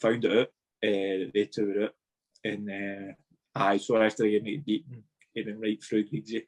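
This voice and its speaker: A man's voice: fairly low pitch, flat delivery, normal speed. A man with a Scottish accent, a former footballer, casually telling stories as a podcast guest. He swears freely and laughs his way through the tale. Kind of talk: casual storytelling chat.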